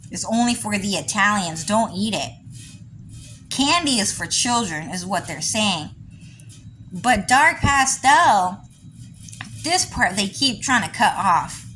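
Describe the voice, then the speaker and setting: Slow, rambling woman. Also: medium pitch, bright, forceful tone, a little hiss or hum, low-quality recording. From California. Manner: rambling, conversational, full of "you know" and "like". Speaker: diary vlogger. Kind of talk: casual monologue.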